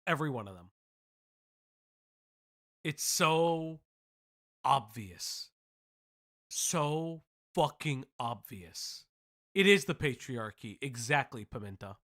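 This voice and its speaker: A man's voice: medium pitch, animated, takes it slowly, long pauses, a bit bright. A man hosting a casual online commentary show, blunt and sarcastic, swearing freely as he reacts.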